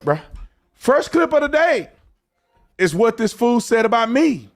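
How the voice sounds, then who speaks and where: A man's voice: very high voice, big pitch swings, measured pace, gravelly. A man on a played clip from a commentary show, talking boastfully and confrontationally.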